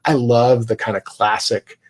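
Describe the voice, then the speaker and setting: A man's voice: mid-range voice, steady tone, a little slow. A man teaching a live online class about writing scripts, explaining casually with many fillers and restarts. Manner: reads his own script passages aloud. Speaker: comics writer teaching a class.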